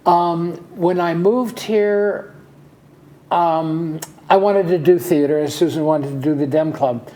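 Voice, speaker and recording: An older man, a guest in a casual interview, telling relaxed stories about his life with an easy chuckle. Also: a little high, takes it slowly.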